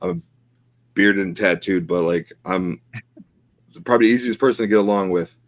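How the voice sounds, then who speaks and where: Middle-aged male podcast co-host, low voice, dry close sound, earnest and rambling delivery. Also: normal speed, no room sound. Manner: emotional, heartfelt, rambling with many fillers. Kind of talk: casual chat.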